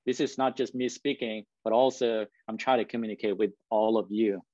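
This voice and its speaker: A man's voice: on the low side, steady tone, fairly quick, dark tone, dry recording, lo-fi sound. A man for whom English is a second language gives a presentation as a guest speaker. He talks in a conversational way, often checks in with "right?", and chuckles at himself now and then. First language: not English. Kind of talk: presentation to an audience.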